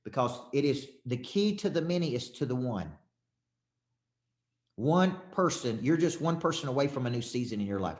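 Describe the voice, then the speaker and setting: Male coach, mid pitch, punchy repetitive stage talk to a crowd, roomy echo. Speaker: motivational coach. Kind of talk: live motivational talk to an audience. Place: event room with audience.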